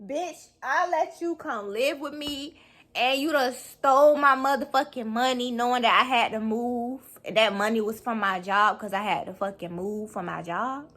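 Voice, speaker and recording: A woman's voice: on the high side, sharp tone. A woman reacting to a talk show clip on her vlog, heated and profane, breaking into laughter. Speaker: YouTube reaction vlogger. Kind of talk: casual reaction commentary.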